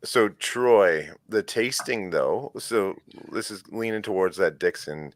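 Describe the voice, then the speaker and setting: Low-voiced man hosting a bourbon chat. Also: lively intonation, slow, slight background noise. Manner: leads with questions, easygoing. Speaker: podcast host.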